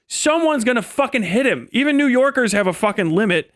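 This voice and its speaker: Man, high voice, profane livestream rant, heated, dry close sound. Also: lively intonation, a little fast, few pauses, no echo. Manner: profane, heated, swings into mocking impressions. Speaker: livestream host. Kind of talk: ranting livestream commentary.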